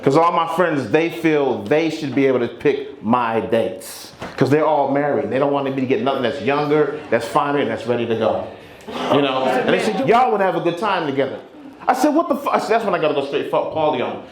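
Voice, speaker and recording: A man's voice: medium pitch, lively intonation, brisk. A man of fifty doing a stand-up set, with a profane, punchy delivery. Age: 50s. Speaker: stand-up comedian. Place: comedy club stage. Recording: echoey club with crowd.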